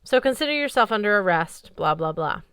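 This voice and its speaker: A woman's voice: medium pitch, lively intonation, a little fast, a bit bright, smooth, no room sound, close to an everyday voice. A woman voicing an easygoing young male warrior with an offhand, wry delivery.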